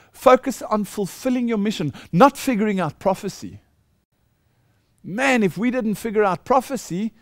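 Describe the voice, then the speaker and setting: A man's voice: sits high, dry recording, clean studio sound. A man preaching a lecture-style sermon, emphatic and indignant as he rebuts quoted claims. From South Africa.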